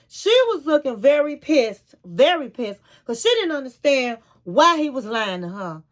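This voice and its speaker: A woman's voice: sits high, sing-song, unhurried, few pauses. Chatty woman recapping a reality show. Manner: chatty, retells scenes with quoted dialogue; frank, calls viewers honey and queens. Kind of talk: casual recap and advice.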